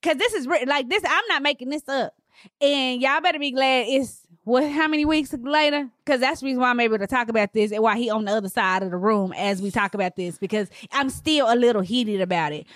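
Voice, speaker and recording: Animated woman telling a story, dry sound. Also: fairly quick, no echo. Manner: animated, expressive, swings pitch widely for emphasis. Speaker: vlogger telling a story to viewers. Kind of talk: casual storytelling.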